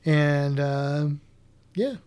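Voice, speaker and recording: Rambling relaxed male podcast host. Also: fairly high pitch, very slow, clear, resonant tone. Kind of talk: casual chat.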